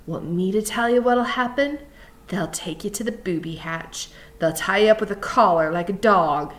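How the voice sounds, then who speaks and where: A woman reading aloud, voicing a bitter, lonely older stable hand in a slow, brooding drawl. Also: medium pitch, lightly acted. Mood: probing.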